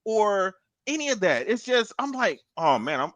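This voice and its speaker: A man's voice: high-pitched, very animated, normal speed, fairly bright tone, dry recording. A man co-hosting a podcast, telling a long story in casual chat, swearing, laughing often and acting out what other people said. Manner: acts out other people's lines while retelling. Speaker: podcast co-host.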